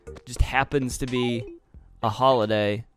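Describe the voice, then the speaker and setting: A man giving casual, chatty commentary while playing a video game, laughing often and getting easily excited. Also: mid-range voice, a little slow, soft background music. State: out of breath.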